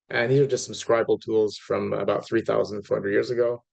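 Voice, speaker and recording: A man's voice: on the low side, level tone, a little fast, vocal fry, darkish tone, muffled recording. A middle-aged man lecturing an audience in a chatty way, with many fillers and restarts and asides to his listeners. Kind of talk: informal lecture.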